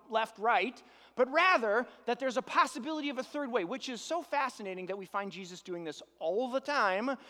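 A man preaching a sermon as pastor, animated, piling up rhetorical questions and swinging from loud emphasis to hushed asides. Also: very high voice, big-room sound.

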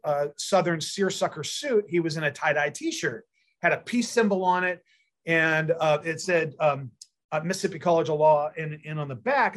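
A man's voice: on the high side, fairly bright tone. A middle-aged man, a mayor and a candidate for prosecutor, answering interview questions with long rambling stories full of fillers and restarts.

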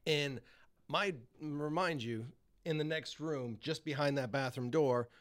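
Profane, animated male storyteller. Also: on the high side, unhurried. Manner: profane, animated, laughs often. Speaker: podcast guest. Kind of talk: casual storytelling.

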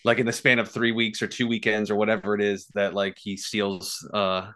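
A man's voice: fairly low pitch, monotone, normal speed, a bit bright. A man on a podcast, musing loosely about film franchises with many fillers. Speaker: podcast co-host. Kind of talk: casual film discussion.

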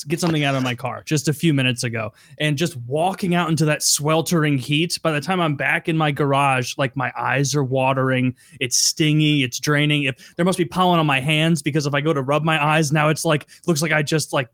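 A man's voice: on the high side, fairly bright tone, no echo, clean studio sound. A man co-hosting a podcast, chatting casually in a rambling, self-mocking way. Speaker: podcast co-host. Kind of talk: casual chat.

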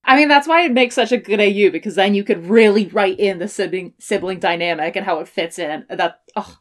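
A woman's voice: mid-range voice, brisk. A young woman in a loose podcast conversation. She breaks into laughs often and swears casually. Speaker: podcast co-host. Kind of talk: casual chat.

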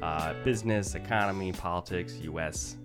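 A man co-hosting a podcast, chatting in a relaxed, rambling and jokey way. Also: deep voice, normal speed, over music. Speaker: podcast co-host. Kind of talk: casual chat.

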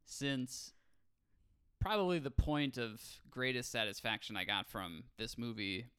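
A man's voice: mid-range voice, measured pace, a bit bright, clear, resonant tone. A man in his thirties co-hosting a casual movie review podcast, joking and rambling with frequent laughs. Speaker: podcast co-host.

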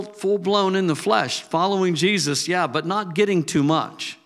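A man's voice: high voice, measured pace, hardly any pauses, a bit bright, big-room sound. An older man giving a casual Bible teaching, chatty, with asides and restarts. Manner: conversational, restarts and asides, acts out quotes.

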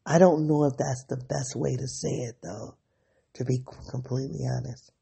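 Gravelly, husky podcast host thinking aloud. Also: medium pitch, steady tone, moderate pace, dark tone. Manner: candid, thinking aloud, self-analyzing. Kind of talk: reflective solo diary podcast.

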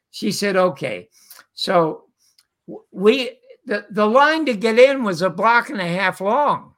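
An older man from Canada, an interview guest telling a long anecdote and acting out the voices of the people in it. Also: sits high. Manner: lively storyteller who acts out quoted voices. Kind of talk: anecdotal storytelling.

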